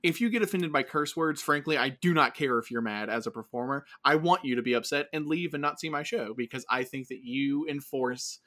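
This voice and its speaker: A man's voice: medium pitch, a little fast, few pauses, bright, forceful tone. A young man co-hosting a casual podcast, talking in rambling bursts full of restarts and fillers. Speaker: podcast co-host. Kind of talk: casual comedy podcast chat.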